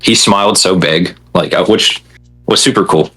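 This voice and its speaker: Young guy rambling a bit on a podcast, lots of ums, low voice but bright and kinda husky. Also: normal speed, soft background music, poor audio. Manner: rambling, hesitant, many fillers. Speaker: podcast guest, cosplayer. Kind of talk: casual chat.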